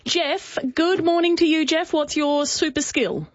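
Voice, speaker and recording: A woman's voice: sits high, fairly even intonation, a little slow, dry recording, highs cut off. A woman hosting a talkback radio show, teasing callers and laughing often. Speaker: radio host. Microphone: studio mic.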